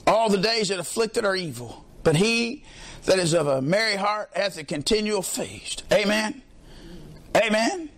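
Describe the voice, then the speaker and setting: A man preaching a sermon in a colloquial way, leading call-and-response with the congregation and often swelling into shouts. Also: sits high, expressive, unhurried. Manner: colloquial, peppers lines with "amen", swells into shouts.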